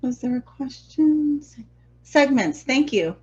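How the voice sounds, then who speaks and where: Brief: higher-pitched woman, easygoing painting-stream host, chatty, trails off into mumbles, dull lo-fi audio. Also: expressive, slow pace, darkish tone. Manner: chatty, laughs often, mumbles and trails off while working. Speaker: watercolor workshop host. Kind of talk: live-streamed painting lesson.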